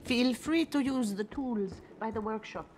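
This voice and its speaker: A woman voicing a gentle, slow-speaking village helper. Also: on the high side, slight background noise, natural voice. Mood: kind. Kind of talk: video game voice acting. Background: game music.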